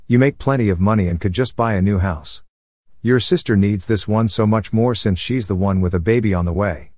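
A man's voice: lowish voice, a little fast, a little mellow, no room sound, studio quality, lightly acted. Man reading as bossy entitled mother. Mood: demanding. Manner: bossy, commanding, scheming. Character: domineering entitled middle-aged mother.

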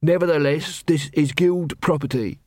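A man's voice: on the high side, moderate pace, darkish tone, dry recording, studio quality, natural voice. A man voicing a young male assassin who sneers and then stammers nervously.

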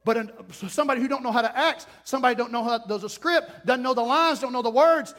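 High-voiced preacher acting out scenes. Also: male voice, fast talker, few pauses. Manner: animated, acts out voices and scenes. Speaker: pastor. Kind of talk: sermon.

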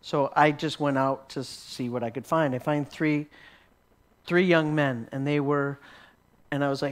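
A man's voice: fairly high pitch, steady tone, normal speed. A man teaching a sermon as a story, often repeating words as he restarts and chuckling along. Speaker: Christian teacher.

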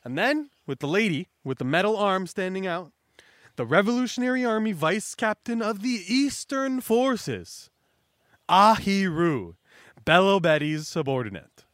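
A man casually recapping and commenting on a manga chapter, excitable and correcting himself as he goes, on a close mic. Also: sits high, measured pace, dry recording.

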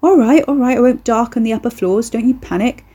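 Woman voicing a young male monster, cocky, rambling, mellow tone, audiobook. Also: on the high side, a little fast, pitched above the performer's own voice, natural voice. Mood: breezy. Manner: breezy, slangy, boastful. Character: cocky young male eldritch horror, casually murderous.

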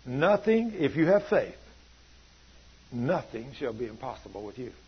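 A man's voice: medium pitch, big pitch swings, unhurried, husky, dull audio. A man preaching a sermon, folksy and plainspoken, his delivery swelling and dropping. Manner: folksy, rising and falling preaching cadence.

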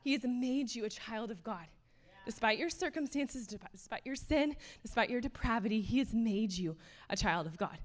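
A woman's voice: a little high, animated, moderate pace. A young adult woman giving an earnest, casual sermon, full of fillers and passing laughs. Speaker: speaker.

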